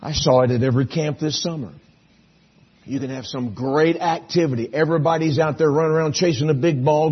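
A man's voice: a little high, breathy edge, lo-fi sound. A male preacher giving a folksy, story-filled sermon, acting out characters in a church auditorium.

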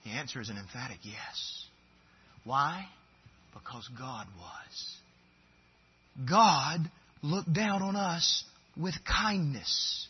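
A man preaching a sermon as pastor, swinging from loud, emphatic declarations to quiet, low asides. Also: big pitch swings, takes it slowly, pauses often, slightly rough, lo-fi sound.

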